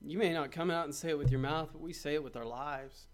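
A man's voice: a little high, steady tone, quick pace. A man preaching a sermon, with dramatic quoted asides and rhetorical questions. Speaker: pastor.

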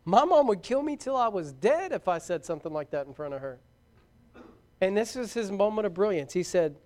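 A man with a very high-pitched voice preaches a fervent sermon. He is middle-aged and calls out his exhortations to his young listeners. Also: big pitch swings, fairly quick, darkish tone.

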